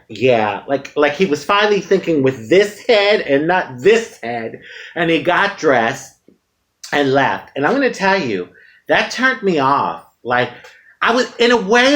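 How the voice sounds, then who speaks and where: Woman, from the US, casual vlog storytelling, frank and dramatic, swinging pitch. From United States. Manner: frank, animated, dramatic retelling with frequent laughter. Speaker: vlogger.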